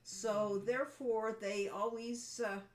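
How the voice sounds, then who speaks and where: A woman's voice: on the high side, steady tone, slow. A woman co-hosting a game developers' livestream, chatting casually and reminiscing in a meandering way. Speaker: co-host of a game developers' stream.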